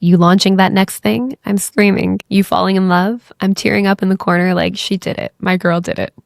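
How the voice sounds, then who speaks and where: Gushy hype-bestie AI chatbot, read out by a woman, bit of fry in the voice, dry close sound. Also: medium pitch, flat delivery, normal speed, no echo, lightly acted. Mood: gushing. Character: gushing supportive AI chatbot best friend.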